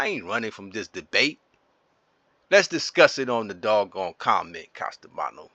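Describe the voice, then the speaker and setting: A man's voice: fairly low pitch, very animated, moderate pace, bright, forceful tone, dry recording, lo-fi sound. A man giving casual gameplay commentary as a YouTuber, playful and silly while trash-talking other players. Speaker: gaming YouTuber.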